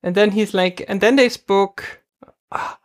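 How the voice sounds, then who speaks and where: A woman's voice: mid-range voice, steady tone, unhurried. A woman co-hosting a casual chat, retelling scenes from a show and quoting the characters, with frequent restarts and laughs. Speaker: podcast co-host recapping a TV episode.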